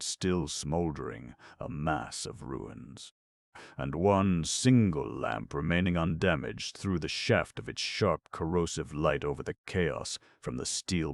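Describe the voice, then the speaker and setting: A man reading a novel aloud as an audiobook narrator, slow and solemn, on a close mic. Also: a bass voice, creaky, no echo. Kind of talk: scripted narration.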